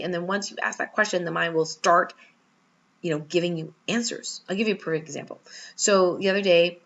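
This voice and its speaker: A woman giving a spiritual teaching talk with personal stories, told in an animated, storytelling manner. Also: lowish voice, vocal fry, breathy edge, lo-fi sound. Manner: warm, animated storytelling with laughs.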